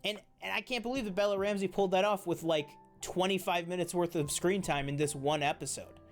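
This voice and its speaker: A man's voice: sits high, a little fast, faint music behind. A man co-hosting a casual TV review chat, enthusiastic and rambling, with many fillers and restarts. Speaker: co-host of a TV review show.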